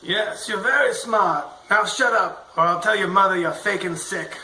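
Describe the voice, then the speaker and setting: A man in an amateur fan reenactment playing a grumpy grandfather reading a story aloud, gruff and sarcastic. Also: high-pitched, normal speed, pushed and bright. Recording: noisy home recording.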